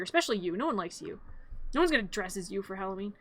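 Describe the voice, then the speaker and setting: A woman's voice: medium pitch, lively intonation, fast talker, fairly bright tone. A woman streamer who narrates a home-made parody in a playful, rambling, jokey way. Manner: giggly, rambling, jokey, with many restarts.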